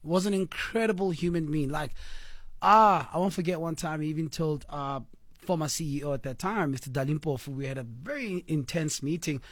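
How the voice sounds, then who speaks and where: A man's voice: fairly high pitch, fairly quick, a bit bright, no room sound. A man with a South African accent hosting a radio show, playful and teasing in his banter. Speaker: radio host.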